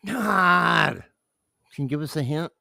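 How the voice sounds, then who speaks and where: Podcast co-host, man; gravelly, bright edge, short reactions and questions. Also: a little high, lively intonation, slow. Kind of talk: casual podcast chat.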